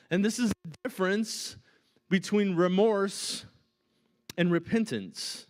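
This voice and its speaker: Guy preaching in church, talks casual and lively, slightly higher voice. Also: takes it slowly, pauses often. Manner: conversational, animated preaching with many "right?" asides. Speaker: pastor. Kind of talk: sermon. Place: church auditorium.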